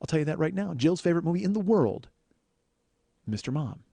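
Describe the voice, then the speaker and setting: A man hosting a comedy podcast, chatting casually with loud silly bits and lots of swearing. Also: fairly high pitch, sing-song, fairly quick, vocal fry, husky, no echo. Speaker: podcast host.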